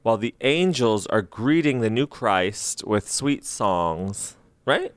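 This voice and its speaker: A man in relaxed conversation with a lively, swinging pitch. He is playful and animated and sometimes drags out lyrics slowly to weigh them. The sound is dry and close. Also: no echo. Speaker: podcast co-host. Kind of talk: casual chat.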